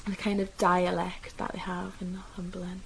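A woman's voice: lowish voice, completely flat delivery, normal speed, creaky, slight background noise, low-quality recording. A young woman with a mild Geordie accent from North East England, chatting casually about her own upbringing and speech, with many fillers and self-corrections. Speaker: interviewee describing her own dialect. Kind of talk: casual personal recollection.

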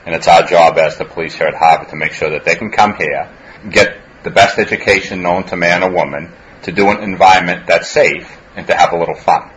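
A campus police officer with a Boston accent, talking earnestly in an interview and often saying "you know". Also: male voice, sits low, fairly even intonation, brisk, background noise.

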